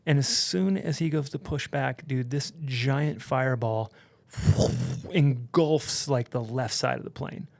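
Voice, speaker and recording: A man, a podcast guest, telling a story in an animated, casual way, with lots of swearing and fillers. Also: mid-range voice, a little slow, creaky, no echo. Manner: animated, profane, heavy use of "like".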